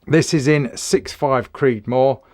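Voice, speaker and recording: A man's voice: mid-range voice, fairly even intonation, slow, a little mellow. Plain-spoken English man reviewing gear. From England. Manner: frank, plain-spoken, matter-of-fact. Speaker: firearms reviewer. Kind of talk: casual product review.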